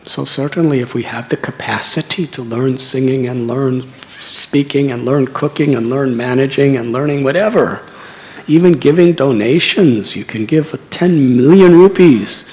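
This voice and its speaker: A man's voice: medium pitch, moderate pace, darkish tone. A man, telling a story in a sermon with dramatic swells. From United States. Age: 60s. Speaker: monk preacher.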